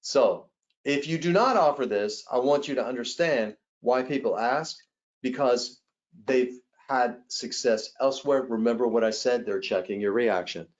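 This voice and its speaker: A man leading a live hospitality sales training webcast, animated and acting out callers and agents in quick role-plays. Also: mid-range voice, lo-fi sound. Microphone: webcast mic.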